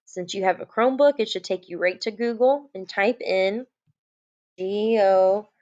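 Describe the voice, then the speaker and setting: A woman teaching a recorded class lesson, playful and full of little jokes as she walks through a sentence. Her voice sits at an ordinary pitch, and the recording comes through a bit muffled from a computer mic. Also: brisk. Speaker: elementary school teacher.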